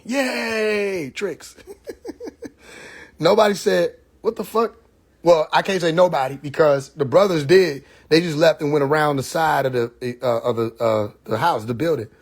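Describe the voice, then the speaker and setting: A man's voice: fairly high pitch, normal speed. A man, hosting a casual livestream monologue, storytelling animatedly and mimicking mocking voices. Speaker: livestream host. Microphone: phone or computer mic on a live stream.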